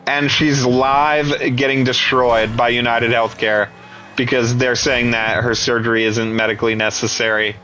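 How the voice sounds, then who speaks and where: A man's voice: medium pitch, flat delivery, normal speed, bright, forceful tone, a little hiss or hum, low-quality recording. Scornful ranting man. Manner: scornful, profane, mocking. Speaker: commentator. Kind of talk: angry political rant.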